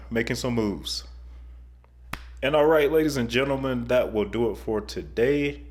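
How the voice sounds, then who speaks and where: A man hosts his online show with chatty, excited commentary over video clips. He jokes often, and his voice sits at a middle pitch. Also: normal speed, slight background noise. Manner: chatty, enthusiastic, joking. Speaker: YouTube host.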